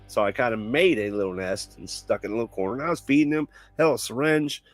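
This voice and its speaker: A man's voice: mid-range voice, fast talker, no room sound, soft background music. A man in casual chat on a live show, telling long stories and laughing often.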